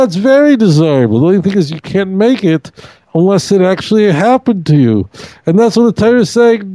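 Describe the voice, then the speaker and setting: A man's voice: sits high, mellow, no echo, rough recording. Emphatic man teaching with dry studio sound. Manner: emphatic, argumentative, quotes others in voices. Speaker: rabbi and co-host. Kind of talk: animated Torah study discussion. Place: radio studio.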